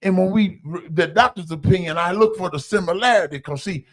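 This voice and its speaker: A man's voice: high-pitched, fairly quick. A man telling his personal recovery story in a loose, conversational way, calling his listeners y'all and acting out the voices of people he quotes. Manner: animated, acts out other people's voices in quotes.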